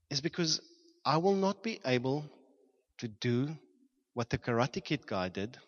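A man from Johannesburg, preaching a storytelling sermon and acting out shouts and sound effects with frequent laughter. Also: medium pitch, dull audio. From South Africa, Johannesburg.

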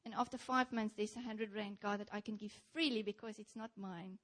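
A woman's voice: medium pitch, a little fast. A young South African woman giving a sermon in a church, telling stories and speaking straight to her listeners. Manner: animated storytelling, addresses the congregation directly.

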